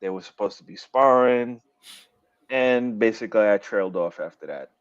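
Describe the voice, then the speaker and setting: A man with a low voice chats casually on a podcast, rambling through stories with plenty of ums and quick laughs. The sound is dry and a little dull, with no room around it. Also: clear, resonant tone, no echo. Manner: laughs often, loose storytelling with fillers. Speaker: podcast co-host. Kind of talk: casual chat.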